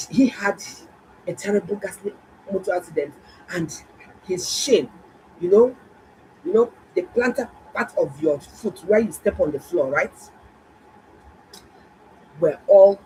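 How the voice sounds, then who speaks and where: A woman doctor, telling viewers a story in a casual, animated and emphatic way. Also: lowish voice, a little hiss or hum, poor audio. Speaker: doctor and health vlogger.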